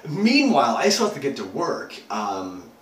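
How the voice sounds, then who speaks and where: A man's voice: medium pitch, huge pitch swings, normal speed, a bit bright. A man playing a rattled, foul-mouthed young guy. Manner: rambling, profane, full of fillers and restarts. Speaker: actor performing a monologue. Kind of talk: self-written dramatic monologue. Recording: roomy echo, mic at a distance.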